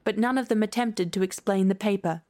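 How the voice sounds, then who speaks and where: A woman narrating a classic storybook in a measured, clear reading voice. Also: medium pitch, darkish tone. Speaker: storybook reader.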